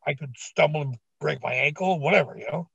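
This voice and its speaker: Gravelly, husky man telling blunt war stories. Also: a little high, fairly quick, no room sound. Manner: blunt, profane, animated storytelling. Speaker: retired pro wrestler guest. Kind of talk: casual storytelling interview. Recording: dull, dry lo-fi recording.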